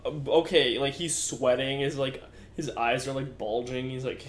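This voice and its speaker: A man's voice: mid-range voice, fairly even intonation, unhurried. Laid-back young man in an echoey room. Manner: laid-back storytelling, swearing, laughing often. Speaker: podcast co-host. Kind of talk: casual chat.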